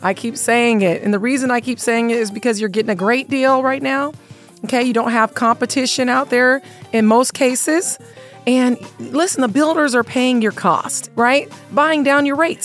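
A woman hosting a casual radio talk show, upbeat and chatty, laughing often, her voice a little worn. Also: on the high side. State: slightly lost voice.

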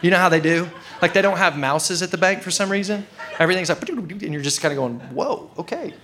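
A man's voice: high voice, fast talker, background noise. A male preacher telling a story in a casual, conversational sermon, with frequent filler words.

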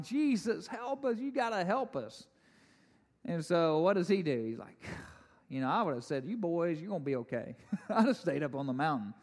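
Animated man preaching in a reverberant hall. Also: fairly high pitch. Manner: animated, conversational preaching with jokes and asides. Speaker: pastor. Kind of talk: sermon.

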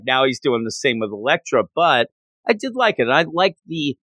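A man's voice: mid-range voice, sing-song, moderate pace, fairly bright tone, dry recording. A man casually reviewing a comic book, rambling through a chatty retelling of the story with lots of fillers.

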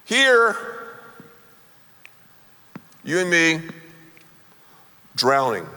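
This sermon comes from a man with a somewhat high voice, preaching a little slowly yet with animated energy. He leads the congregation in call-and-response, his voice carried by a long hall reverb.

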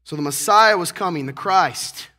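A hoarse, congested man preaching a casual sermon to a church congregation, teasing the crowd and asking rhetorical questions. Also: high-pitched, moderate pace, sharp tone. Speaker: pastor. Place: church sanctuary.

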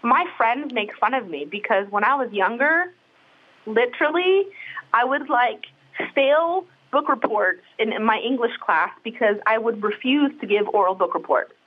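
Middle-aged woman guesting on a podcast, kinda high voice, rambly and candid, muffled lo-fi audio. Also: lively intonation, moderate pace. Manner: candid, chatty, many fillers and restarts. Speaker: interview guest, brow artist. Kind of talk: casual podcast conversation.

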